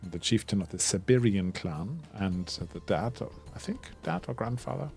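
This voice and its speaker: A man's voice: on the low side, sing-song, moderate pace, creaky, darkish tone. A man running a tabletop game as game master, narrating with rambling, hesitant phrasing and many fillers. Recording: faint background music.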